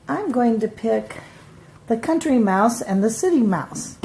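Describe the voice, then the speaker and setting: An older woman, a grandmother, reading a storybook aloud to her grandchildren in an unhurried way. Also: on the high side, lively intonation, creaky, darkish tone, a little hiss or hum.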